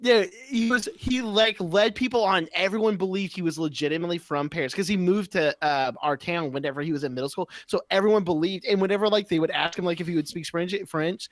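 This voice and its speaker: Man, slightly higher voice, animated storyteller, jokey, dry close mic. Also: quick pace, hardly any pauses, dry recording. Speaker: podcast co-host. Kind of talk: casual chat, storytelling.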